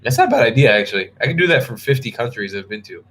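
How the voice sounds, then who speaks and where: Rapid-fire and full of big pitch swings, a young man's mid-range, slightly bright voice carries a casual live stream. Though tired and yawning, the travel vlogger rambles and restarts while replying to viewers' comments.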